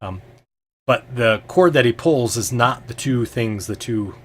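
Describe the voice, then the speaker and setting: A man's voice: medium pitch, a little slow, a little hiss or hum. A man narrating as game master of a tabletop game, hesitant and full of ums and restarts.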